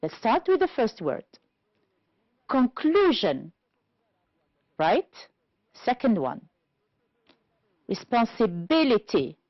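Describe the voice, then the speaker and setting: Slow, lively-voiced woman teaching English. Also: on the high side, no echo, muffled recording. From Algeria. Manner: slow, clear teacherly delivery, stressing words. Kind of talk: televised classroom lesson.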